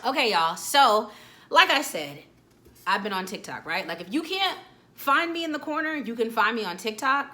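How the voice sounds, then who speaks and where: A woman's voice: mid-range voice, pushed and bright. A woman in her late twenties talking candidly and chattily to her viewers in a casual motivational vlog. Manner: candid, chatty, addresses viewers directly as "y'all". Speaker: vlogger, motivational talk host. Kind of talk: casual motivational talk to camera.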